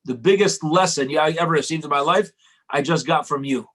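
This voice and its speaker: Humble elderly rebbe, earnest and plain, as a teacher quotes him. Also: male voice, a little high, fairly quick, fairly bright tone.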